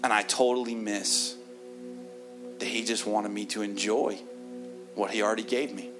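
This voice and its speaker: A man preaching a sermon as a guest speaker in a church, telling a story with animated energy and dropping into soft, earnest asides. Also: on the low side, normal speed, music in the background.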